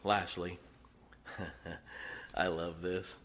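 A middle-aged man preaching a sermon, telling folksy, animated stories with asides to the congregation. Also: deep voice, extremely slow. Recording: long hall reverb.

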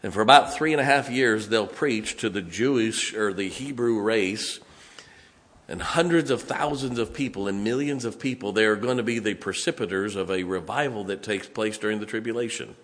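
A man's voice: fairly low pitch, normal speed, fairly bright tone. A middle-aged man from West Virginia with a West Virginian accent, preaching a sermon in a folksy, conversational way, with asides and chuckles. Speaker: pastor.

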